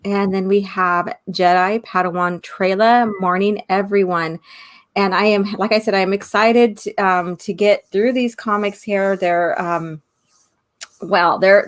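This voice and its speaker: Female co-host, giggly and talkative, slightly hoarse voice, casual stream chat. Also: medium pitch, a little slow. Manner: giggly, chatty, reads out viewer messages. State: slightly hoarse, losing her voice. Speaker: podcast co-host.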